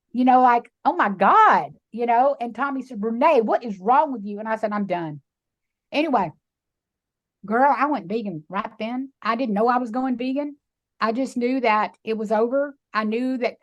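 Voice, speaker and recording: A middle-aged woman with a Texan drawl recounts a personal turning point in an interview. Her voice sits fairly high, and she speaks with emphatic, animated energy, slipping into the voices of the people she quotes. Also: highs cut off. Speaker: guest, sanctuary founder. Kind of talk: emotional storytelling interview.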